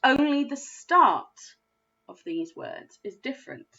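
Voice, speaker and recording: A woman with an English accent teaching a phonics lesson to young children, spelling words out slowly and praising their efforts. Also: high-pitched, sing-song, bright, forceful tone, muffled recording. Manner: slow, clearly spelled-out words with encouraging praise. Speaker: primary school teacher.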